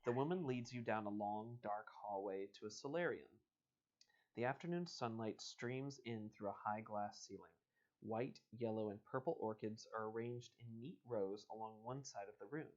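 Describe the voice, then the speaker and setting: A man's voice: fairly low pitch, moderate pace, a little mellow, lo-fi sound. A man hosting a livestream, reading an interactive adventure book aloud in a casual, playful way. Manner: casual, chuckling, playful asides. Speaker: host and reader.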